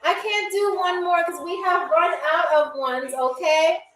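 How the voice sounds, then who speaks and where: A woman hosts a live-stream game show, chatty and teasing as she reads viewer comments aloud. Her voice is very high, a bit bright, and unhurried, recorded off-mic in a roomy space with faint music behind.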